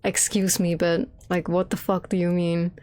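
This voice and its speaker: A woman's voice: fairly low pitch, level tone, normal speed, a little mellow. A young adult woman streaming a video game, rambling casually, swearing a lot and mocking what she sees in sarcastic quoted voices. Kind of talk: casual live-stream commentary.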